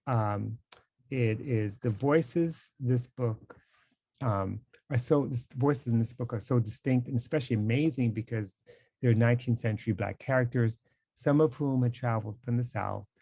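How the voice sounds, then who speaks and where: A man's voice: medium pitch, vocal fry, darkish tone, breathy edge, dry recording, clean studio sound. A man interviewing an author, chatty and rambling, with many fillers and restarts. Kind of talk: conversational interview.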